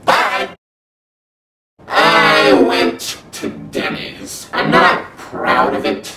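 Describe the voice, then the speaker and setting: A man's voice: very slow, a loud crowd. A man telling a comic story in a sarcastic, profane rant, slipping into mock voices. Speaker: comedic vlogger telling a story. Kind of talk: comedic rant with acted dialogue. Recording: echoey room, heard from a distance, loud music behind. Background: loud music.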